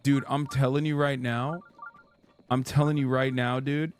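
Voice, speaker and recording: A man's voice: mid-range voice, level tone, a little slow, a little hiss or hum. A man streaming live, chatting casually and reacting to chat with lots of swearing. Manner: profane, chatty, reads chat aloud.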